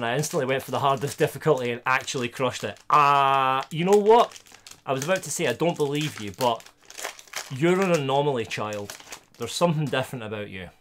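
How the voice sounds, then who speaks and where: Slight background noise sits behind this Scottish man as he opens trading card packs on a live stream. His voice is mid-range, his chat with viewers relaxed, and he grows loud and excited at good pulls.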